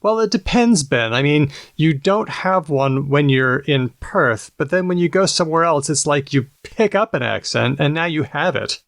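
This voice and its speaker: A man's voice: on the high side, expressive, vocal fry, fairly bright tone, no echo, studio quality. A man co-hosting a casual podcast chat, explaining research and teasing his co-hosts. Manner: explanatory, teasing, quick to laugh. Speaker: podcast co-host presenting research.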